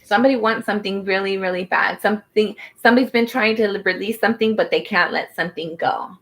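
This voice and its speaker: A woman's voice: mid-range voice, fast, a bit bright. A woman giving a casual spoken tarot reading, rambling and soothing, with many fillers as she talks. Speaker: tarot reader.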